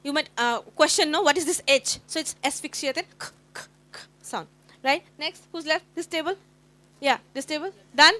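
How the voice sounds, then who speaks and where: A high-pitched Indian woman trainer leads a phonics session for teachers. She sounds out each letter again and again and keeps quizzing the room. Her voice is bright and sharp. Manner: sounds out letters slowly and repeatedly, quizzing the group.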